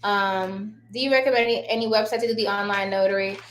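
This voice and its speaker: A woman's voice: medium pitch, steady tone, fast, echoey room. A woman hosting a casual live stream as a notary trainer, chatty and rambling, often losing her train of thought and laughing. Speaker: online notary trainer and host. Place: home office.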